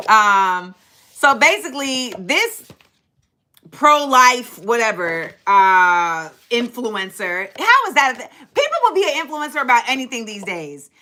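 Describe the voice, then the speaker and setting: A middle-aged woman hosting a livestream, telling stories in an animated, dramatic way and acting out quotes. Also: a little high, a little slow. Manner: animated, dramatic retelling with acted-out quotes and laughter. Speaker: livestream host. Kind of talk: casual storytelling to a live chat.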